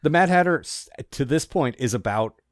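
Male podcast co-host, lively rambling delivery, dry close sound. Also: a little high, no echo. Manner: rambling, self-interrupting, quick bursts. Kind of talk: casual chat.

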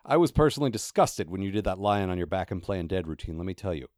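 A man's voice: sits low, animated, quick pace, darkish tone, no room sound, clean studio sound. Man reading as a cynical grumbling scruffy dog. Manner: grumbling, self-pitying. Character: scruffy cynical small male talking dog. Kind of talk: reading a novel passage aloud.

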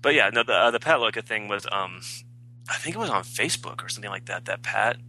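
Fast-talking man with a bright voice. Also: fairly low pitch, lively intonation, low-quality recording. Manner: rambling, swears freely. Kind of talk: casual podcast chat.

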